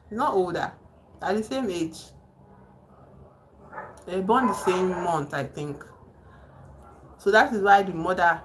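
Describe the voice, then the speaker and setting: Excitable woman retelling a book live. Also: on the low side, rough recording. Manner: excited, emphatic storytelling with sudden exclamations. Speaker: livestream host. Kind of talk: casual livestream chat about a book. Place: home.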